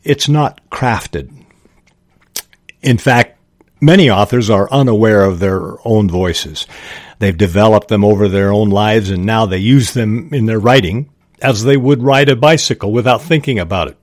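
A man hosting a podcast, explaining writing craft in a slow, thoughtful way, with small restarts. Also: lowish voice, dry recording, clean studio sound. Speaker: podcast host.

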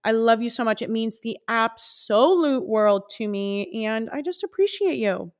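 A woman's voice: fairly high pitch, measured pace. Bubbly young woman podcast host. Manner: bubbly, gushing, animated. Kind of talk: solo casual podcast chat.

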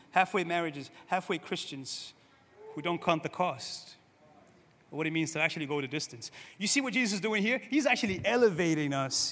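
A male pastor from Cape Verde, preaching in a lively, conversational way and often asking "right?", swinging between loud and soft. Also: high-pitched, in a large hall. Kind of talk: sermon.

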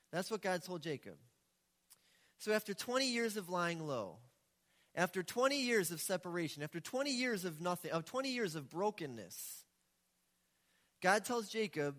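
A male pastor with a high voice tells his story in a loose, chatty preaching style and often acts out the characters. His voice rings out through a large hall with a long, trailing reverb. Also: measured pace, pauses often. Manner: conversational, animated storytelling. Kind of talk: sermon.

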